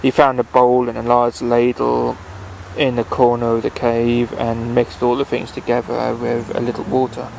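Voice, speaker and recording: A man reads a bedtime story aloud in a gravelly, fairly flat voice, stumbling and restarting as he goes. Faint traffic noise carries behind him. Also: mid-range voice, moderate pace, rough recording. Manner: unpolished reading with restarts and fillers. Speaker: reader.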